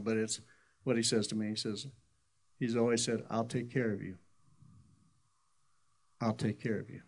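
A man's voice: mid-range voice, a little mellow. A middle-aged man preaching a sermon in a conversational, folksy storytelling way, often restarting his sentences. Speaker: pastor.

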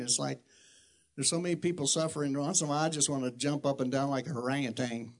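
A middle-aged man, a pastor, preaching a sermon and telling a family story, jumping from loud shouted quotes to soft, hushed prayer. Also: on the high side, brisk.

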